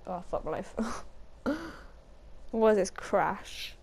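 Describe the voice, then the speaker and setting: A woman's voice: mid-range voice, takes it slowly, gravelly, darkish tone. A young woman giving casual, sweary commentary while playing a shooter game, laughing often and shrieking now and then. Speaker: gaming YouTuber.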